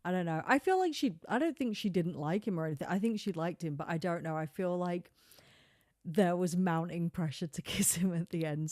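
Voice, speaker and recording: A young adult woman hosting a casual solo podcast, chatty and animated, peppering her talk with "like". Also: lowish voice, no room sound, studio quality. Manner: chatty and animated, heavy use of filler "like", quick asides and laughs. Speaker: podcast host. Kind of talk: casual solo podcast chat about reality TV.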